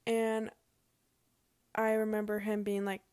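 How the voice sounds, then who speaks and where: Casting: young woman storyteller, gushing and conversational, filler-heavy, plain mid-pitched voice, dry unroomy sound. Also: monotone, slow, a little mellow, no echo. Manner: chatty and emotional, says "like" often. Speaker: vlogger. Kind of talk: casual personal storytelling.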